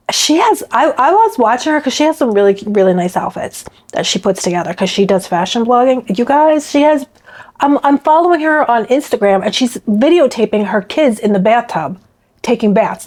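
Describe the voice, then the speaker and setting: A woman vlogger chatting to camera, indignant and talkative, often restarting her sentences. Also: fairly high pitch. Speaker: beauty vlogger reacting to stories. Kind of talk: casual chat to camera.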